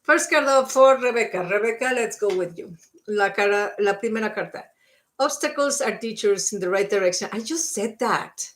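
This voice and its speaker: A woman's voice: medium pitch, a little fast, fairly bright tone. A woman doing live-stream psychic card readings, giving coaching advice and often checking in with the listener. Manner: coaching, checks in with frequent "okay?"; switches between English and Spanish.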